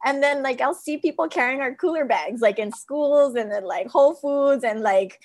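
A woman telling a story with lots of laughter, casual and animated, as a guest shop owner. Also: sits high, moderate pace.

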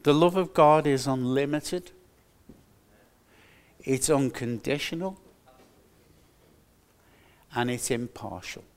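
A man's voice: medium pitch, clear, resonant tone. An older man preaching a sermon, earnest and emphatic, repeating his key phrases. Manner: earnest, slow and emphatic with repetitions.

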